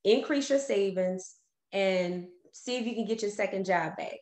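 A woman's voice: medium pitch, normal speed, darkish tone, echoey room. A woman, co-hosting a mortgage radio show, talking in a down-to-earth way and telling stories about her clients. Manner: down-to-earth, tells client stories, laughs easily. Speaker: mortgage lender and co-host. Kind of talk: conversational radio show talk.

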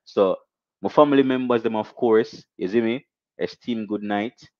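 A young Jamaican man hosting a casual live stream, shouting out viewers and reading donations with animated, repetitive catchphrases. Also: on the low side, moderate pace, no echo, muffled recording.

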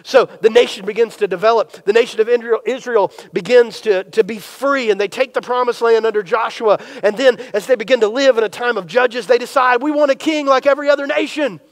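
A man preaching a sermon, telling the story in a lively way and acting out imagined dialogue. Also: very high voice, brisk, few pauses. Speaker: pastor.

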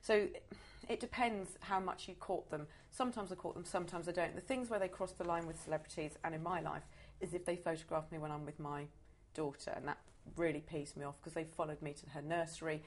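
A woman's voice: low voice, fairly even intonation, a little fast. A woman in her forties with a West Country accent, chatting in an interview, theatrical and self-mocking. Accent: West Country English. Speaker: interview guest. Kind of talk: casual interview chat.

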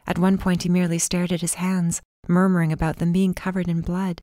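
Woman reading an audiobook, low voice, dry close sound, calm and steady. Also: no room sound. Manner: calm, measured storytelling. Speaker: audiobook narrator. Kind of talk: first-person audiobook narration.

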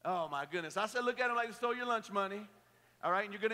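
A male pastor with a very high, bright, ringing voice preaches to a youth camp crowd. He jokes around and leads the room in call-and-response. The sound carries a long hall echo. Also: expressive, racing. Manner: playful, joking, rallying the crowd. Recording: echoey hall.

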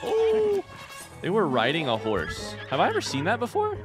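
A man's voice: a little high, huge pitch swings, brisk, loud music behind the voice. A man hosting a casual let's-play video, chatting animatedly and talking back to the creatures in the game. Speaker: gaming video host.

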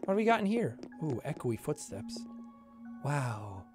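A man streaming a game and chattering through it, his pitch bouncing all over the place. He jokes, swears and mutters to himself between louder outbursts. Faint game music sits underneath. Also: measured pace. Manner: animated, jokey, swearing, talks to himself. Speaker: gaming streamer. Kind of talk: let's play commentary.

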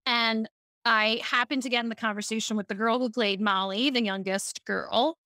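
A woman's voice: a little high, moderate pace, no room sound, clean studio sound. A woman from Baltimore, a speaking coach, telling stories in a casual podcast interview and acting out quotes. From Baltimore, USA. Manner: animated storytelling, acts out quotes.

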